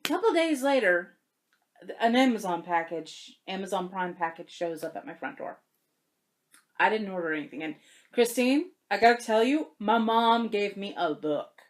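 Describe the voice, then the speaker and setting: Lively woman telling a stitching story. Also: mid-range voice, moderate pace. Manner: animated storytelling, emotional and tearful at times. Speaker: cross-stitch vlogger. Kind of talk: casual chat to camera.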